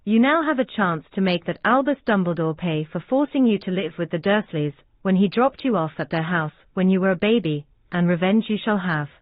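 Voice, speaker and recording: A woman reading the lines of a smug, scheming wizard in an even, measured way, on a dry, tinny recording. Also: lowish voice, no room sound, close to an everyday voice. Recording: dry, tinny phone-like sound.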